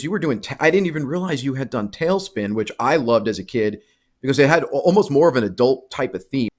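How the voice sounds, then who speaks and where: A man in his forties hosts a podcast in a relaxed, conversational voice at an ordinary pitch. He asks his questions like an eager fan. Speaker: podcast host. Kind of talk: podcast interview.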